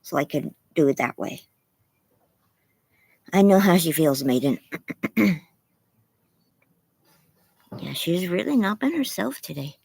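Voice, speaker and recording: Husky, weary woman livestreaming. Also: lowish voice, lively intonation, slow, long pauses. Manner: soft, weary and apologetic, baby talk to her pet. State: sore throat from smoke. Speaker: livestream host. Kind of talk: casual livestream chat. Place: front yard, outdoors.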